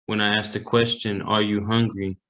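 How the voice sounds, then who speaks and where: A man's voice: fairly low pitch, flat delivery, moderate pace, sharp tone, low-quality recording. A man teaching a language class over a video call, patiently explaining and repeating example phrases. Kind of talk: online language lesson. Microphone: computer mic on a video call.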